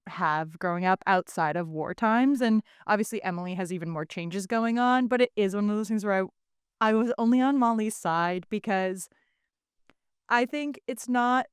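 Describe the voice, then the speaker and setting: A woman co-hosting a podcast, casually recapping a book in animated, profanity-laced chat. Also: medium pitch, clean tone, dry recording, studio quality. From Britain. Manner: profane, animated, fast asides. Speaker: podcast co-host.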